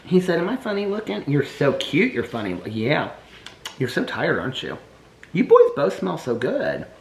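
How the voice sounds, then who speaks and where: Man vlogging from home, cooing baby talk to his dogs, loose rambling asides, very animated voice. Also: medium pitch, measured pace, a little hiss or hum. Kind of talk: casual daily vlog. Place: home, indoors.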